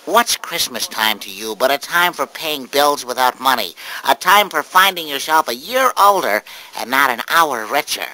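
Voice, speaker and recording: A grumpy old miser, bright sharp voice, snaps and swoops up and down, radio play. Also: male voice, mid-range voice, animated, normal speed, rough recording. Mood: scornful. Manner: gruff, snapping, grumbling. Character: miserly bitter old man Scrooge. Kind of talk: radio drama acting.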